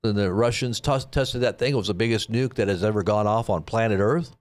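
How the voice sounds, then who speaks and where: A man's voice: fairly low pitch, brisk. A man hosting a live stream, giving rambling, sarcastic commentary on the news. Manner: sarcastic, rambling, with frequent restarts.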